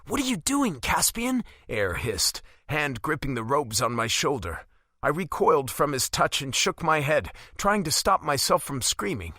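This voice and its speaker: A man's voice: mid-range voice, expressive, normal speed, pushed and bright, no room sound, clean studio sound. A man reading a fantasy romance audiobook in first person, with dramatic, emotionally charged delivery. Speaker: audiobook narrator. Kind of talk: first-person scripted narration.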